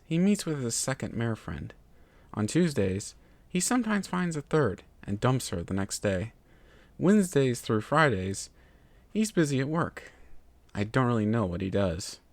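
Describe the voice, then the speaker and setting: A man narrating a fan fiction story in a steady, measured way. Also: medium pitch, creaky, dry recording. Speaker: story reader.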